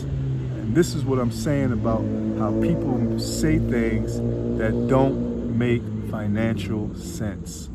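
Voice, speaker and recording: Man, financial coach, emphatic and repetitive, mid-pitched, outdoor traffic noise behind. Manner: repetitive, emphatic, rhetorical questions. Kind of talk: casual talk to camera.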